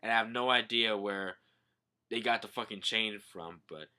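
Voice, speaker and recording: A man casually reviewing a manga chapter, excitable and profane, rambling with fillers. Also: fairly low pitch, moderate pace, smooth.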